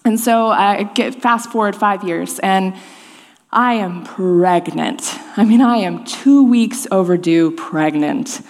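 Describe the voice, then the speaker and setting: A woman's voice: mid-range voice, takes it slowly, a little mellow. A woman in her thirties giving a sermon, telling a personal story in a loose, conversational way with lots of restarts. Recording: long hall reverb.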